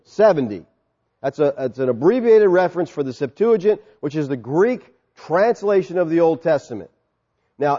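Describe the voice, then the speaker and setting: A man preaching a sermon, animated and joking, acting out the voices in his story. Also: sits high. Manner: animated, acts out quotes, jokes with congregation. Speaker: pastor. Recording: dull sound with long hall reverb.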